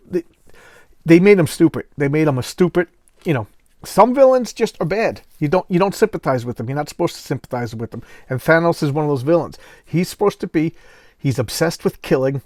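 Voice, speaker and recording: A man hosting casual comic book commentary, retelling a story in an animated, rambling way. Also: mid-range voice, no echo, studio quality.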